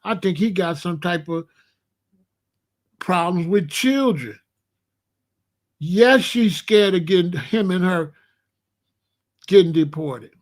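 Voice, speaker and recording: A man's voice: high-pitched, animated, slow pace, pauses often. A man from Chicago hosting a blunt, profane commentary rant. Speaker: host.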